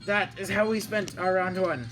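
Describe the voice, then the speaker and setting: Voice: medium pitch, steady tone, moderate pace, over music, natural voice, rough recording. A player voicing a formal, proud comic commander, giving a stiff report.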